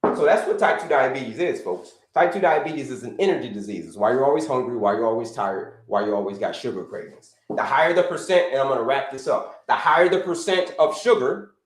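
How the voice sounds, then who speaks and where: In a low-quality recording from an echoey room, a man with a mid-range, animated voice talks briskly with hardly any pauses. He hosts a live health stream casually, repeats himself, calls listeners "folks," and asks them to answer in the chat.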